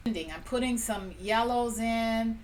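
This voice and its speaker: A woman's voice: a little high, takes it slowly. A woman hosting a live painting stream, chatting cheerfully with viewers as she draws prize winners and laughs often. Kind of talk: casual live-stream chat, running a prize drawing. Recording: a little distant from the mic, faint room noise.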